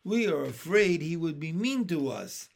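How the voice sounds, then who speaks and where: A man's voice: a little high, big pitch swings, unhurried, gravelly, exaggerated voice. A man voicing the polite, protective oldest brother of four orphans in a read-aloud storybook. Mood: earnest. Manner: polite, earnest.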